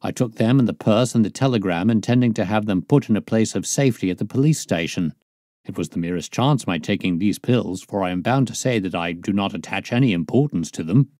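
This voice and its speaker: A man's voice: fairly low pitch, brisk, warm tone, no echo, studio quality, lightly acted. A man reading aloud, voicing a matter-of-fact male police inspector in a near-natural voice. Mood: defensive. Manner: plain, matter-of-fact reporting.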